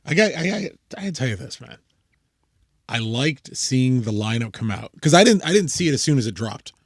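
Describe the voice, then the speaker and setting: A man co-hosting a podcast, swearing freely and telling animated stories before giving soccer commentary. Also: mid-range voice, brisk, no room sound, clean studio sound. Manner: profane, animated storytelling, emphatic. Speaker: podcast co-host. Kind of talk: casual chat and soccer commentary.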